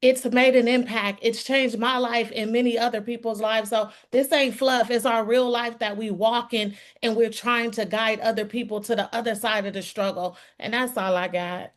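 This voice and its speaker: A woman's voice: a little high, steady tone, moderate pace, few pauses. Earnest middle-aged woman giving a testimony. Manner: earnest, calls listeners y'all. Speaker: sales team member giving a testimonial. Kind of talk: heartfelt testimonial.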